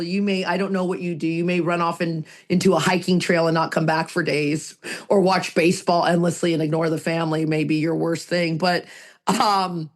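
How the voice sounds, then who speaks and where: A woman co-hosting a recovery podcast, talking in an emphatic, heartfelt way and repeating her phrases for weight. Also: on the low side. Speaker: podcast co-host.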